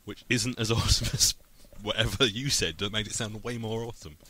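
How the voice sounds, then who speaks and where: A man's voice: on the low side, fairly even intonation, brisk, bright, forceful tone. A British man co-hosting a podcast, chatting casually and laughing often at his own jokes. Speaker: podcast co-host. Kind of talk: casual chat.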